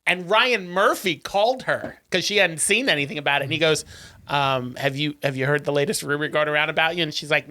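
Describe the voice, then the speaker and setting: A man's voice: a little high, brisk, pushed and bright. A man co-hosting a podcast in casual chat, adding wry, teasing asides. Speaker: podcast co-host.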